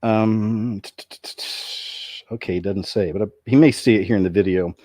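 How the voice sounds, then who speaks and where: A lower-pitched man rambling through his commentary, full of asides and restarts. The recording is dry and close, with no room sound. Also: normal speed, mellow, no room sound. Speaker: video commentator.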